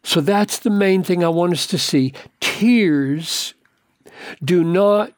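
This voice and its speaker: An older man teaching on a Bible passage, earnest and deliberate, leaning hard on key words. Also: high-pitched, no echo, studio quality. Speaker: pastor.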